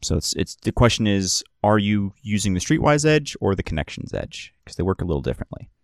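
A man's voice: fairly low pitch, sing-song, brisk, creaky, no room sound, clean studio sound. A man narrating as game master of a tabletop game, loose and rambling with many restarts.

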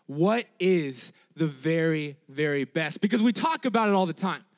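A man preaching a sermon in an animated, emphatic way, repeating key phrases and checking in with "all right?" after many sentences. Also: a little high, normal speed.

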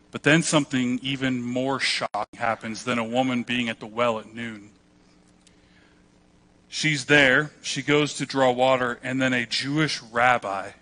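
A man's voice: mid-range voice, pushed and bright. A man pastor preaching a sermon, telling the story conversationally and acting out the quoted voices with a joking touch.

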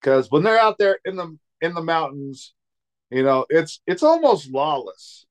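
A man's voice: a little high, normal speed. A man from Montana, a comedian guest, telling stories in casual chat and laughing often. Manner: animated storytelling, laughs often. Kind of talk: casual storytelling.

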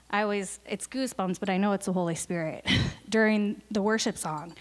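A woman speaking in church as a missionary, telling an emotional story earnestly, with fillers. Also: mid-range voice. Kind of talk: church talk.

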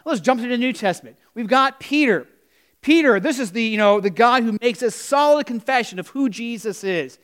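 A man preaching in a high, bright voice that rings smooth and clear. He talks to his congregation in a loose, storytelling way, tossing questions out to them. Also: expressive, normal speed. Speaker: pastor. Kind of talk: sermon.

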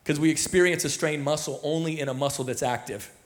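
A man's voice: fairly high pitch, quick pace. A man pastor preaching a sermon to his church, in a loose, storytelling way full of fillers and restarts, somewhere in his thirties. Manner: casual storytelling, many fillers and repeated starts. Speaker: senior pastor. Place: church auditorium.

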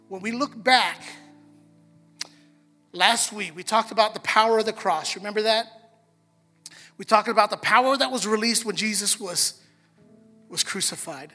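A male pastor preaching a sermon, telling a story with lively, acted-out quotes. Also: high-pitched, measured pace, long pauses. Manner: animated storyteller, acts out quotes. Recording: long reverb of a large hall, soft music behind.

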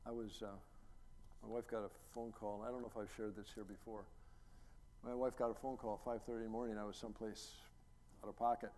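A middle-aged man, a pastor, preaching a sermon as a story, acting out quotes and building to loud, emphatic peaks. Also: lowish voice, flat delivery, brisk. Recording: long reverb, faint ambient noise.

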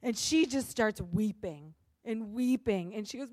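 A woman pastor giving a sermon in an earnest, expressive way, acting out the lines she quotes. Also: mid-range voice, unhurried, no room sound, studio quality.

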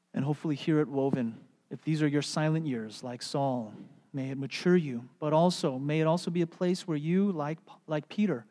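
Pastor preaching in an echoing hall. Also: mid-range voice. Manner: animated storytelling, drops to soft hushed tones for quoted words. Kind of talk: sermon.

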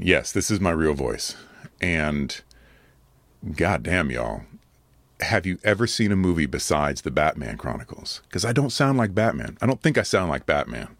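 Very deep, rough-voiced man. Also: no echo. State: a little rough from allergies. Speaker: adult video creator answering comments. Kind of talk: casual commentary on viewer comments.

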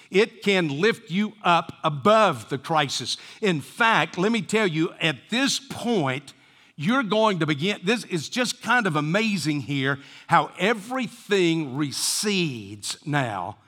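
Fervent preacher in a reverberant hall. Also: male voice, sits high. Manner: rising to fervent emphasis, dropping to hushed near-whisper. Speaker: pastor. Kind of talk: sermon.

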